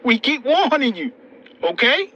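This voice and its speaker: A man hosting casual commentary in an animated, urgent, slangy way. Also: extremely high pitch, measured pace, poor audio. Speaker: channel host.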